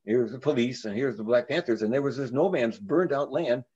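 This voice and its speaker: An older man, a reverend, telling a story in an interview in an earnest way, with frequent halting restarts. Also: mid-range voice, a little mellow, breathy edge, highs cut off.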